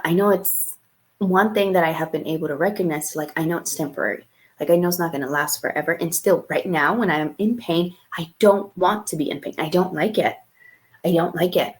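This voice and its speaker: A woman's voice: on the low side, darkish tone, rough recording. A young adult woman co-hosting a podcast, talking frankly in casual chat with lots of swearing, fillers and restarts. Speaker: podcast co-host.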